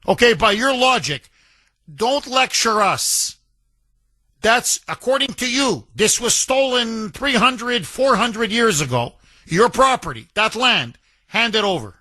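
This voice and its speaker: A male talk radio host with a high, bright voice, speaking into a studio mic. His delivery is combative and insistent, firing off insults and repeated points. The sound is close and dry. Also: sing-song, unhurried, dry recording. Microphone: studio microphone.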